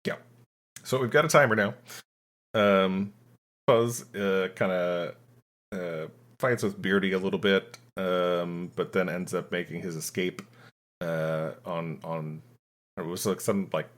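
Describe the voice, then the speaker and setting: A man hosting a podcast, recapping a film plot in casual chat, halting with many ums and restarts. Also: low-pitched, steady tone. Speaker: podcast host summarizing a film.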